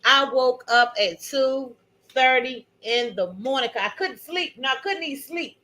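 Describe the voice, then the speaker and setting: A woman's voice: high-pitched, a little slow, bright, forceful tone, low-quality recording. A woman in her fifties from Maryland, hosting her own channel and telling a personal story to viewers in a chatty, emphatic way, calling them y'all and honey. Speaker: channel host.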